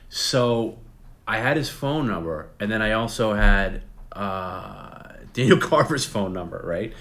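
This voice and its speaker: A middle-aged man hosting a show, casually telling an animated, profane and self-deprecating anecdote. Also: on the low side, takes it slowly. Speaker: host. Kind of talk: casual storytelling.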